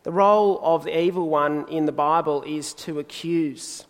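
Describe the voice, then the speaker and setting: A man preaching a sermon in a measured, deliberate way, pausing for emphasis. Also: a little high, fairly even intonation, big-room sound.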